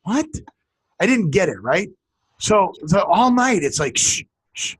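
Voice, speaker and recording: A man's voice: high voice, big pitch swings, measured pace, a bit bright, husky. A middle-aged man co-hosting a casual talk show, joking and stumbling over repeated words as he tells a story. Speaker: podcast co-host. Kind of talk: casual chat.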